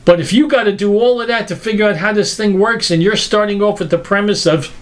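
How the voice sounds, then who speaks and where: A man giving an animated lecture, emphatic and incredulous, acting out everyday examples as he goes. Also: high-pitched, brisk, few pauses. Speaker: speaker teaching a lecture series.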